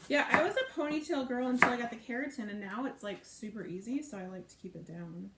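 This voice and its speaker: A woman with a fairly high voice talks fast while hosting a live cooking stream, chatting playfully and reading viewer comments aloud as she cooks. The room is echoey, with faint noise.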